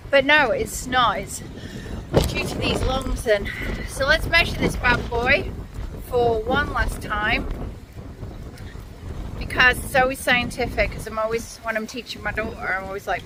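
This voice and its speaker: Breathless woman in her forties outdoors. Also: on the high side. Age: 40s. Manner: chatty and candid, pausing to sigh and catch breath. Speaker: vlogger. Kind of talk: casual talk to camera while walking. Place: outdoors on a windy hillside. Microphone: handheld phone. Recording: wind noise on a phone mic outdoors.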